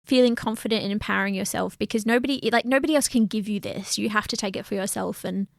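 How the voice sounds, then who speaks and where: Woman, podcast co-host, casual chat, earnest and animated, gravelly fry in the voice, dry close sound. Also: mid-range voice, fast talker, no echo.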